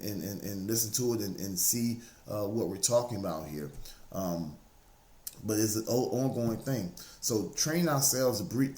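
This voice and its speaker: A man's voice: fairly low pitch, darkish tone. A man giving a casual, faith-based motivational talk, repeating key phrases over and over to drive them home. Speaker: motivational speaker. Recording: roomy, echoey room sound.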